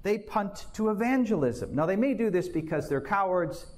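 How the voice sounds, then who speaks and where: A man with a fairly high voice preaches from the pulpit. He reads scripture with earnest, dramatic weight and then explains it in a steady sermon voice. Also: moderate pace. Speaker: pastor.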